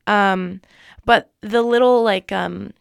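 A woman's voice: mid-range voice, fairly even intonation, takes it slowly, gravelly, smooth, no echo, clean studio sound. A young woman co-hosting a casual radio music chat, rambling and saying "like" a lot. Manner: chatty, rambling, heavy use of "like". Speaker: co-host.

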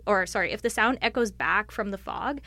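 A woman's voice: medium pitch, fairly quick, sharp tone, dry recording. A woman on staff answering interview questions in a thoughtful, explanatory way, often using "like" as a filler. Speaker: library staff member.

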